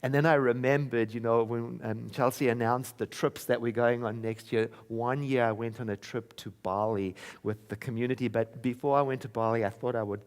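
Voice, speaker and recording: A man from South Africa preaching in a church, with a voice of middle pitch. He tells a personal story in a relaxed, conversational way. At times he slows down and drops into quiet, repeated affirmations. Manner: warm conversational storytelling that turns into slow, soft chanted affirmations. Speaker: minister. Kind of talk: sermon with storytelling. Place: church sanctuary.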